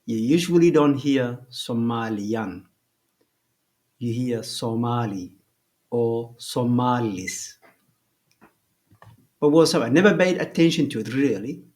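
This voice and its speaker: A man giving an explanatory commentary, talking deliberately, often pausing and rephrasing himself. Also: mid-range voice, animated, darkish tone. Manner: deliberate, rephrases and pauses with fillers.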